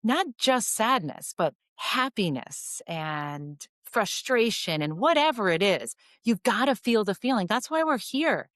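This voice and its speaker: A woman as a podcast guest, talking earnestly and thoughtfully about spiritual growth, pausing often with ums. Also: mid-range voice, very animated, a bit bright, no echo, clean studio sound. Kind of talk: reflective spiritual conversation.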